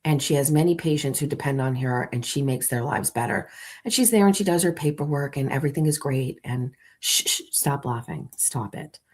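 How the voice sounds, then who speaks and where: A woman with a rumbling low, slightly mellow voice hosts a morning show, talking fairly quickly. She plays with her live audience, guiding them through an imagined scene as theatrical comic storytelling.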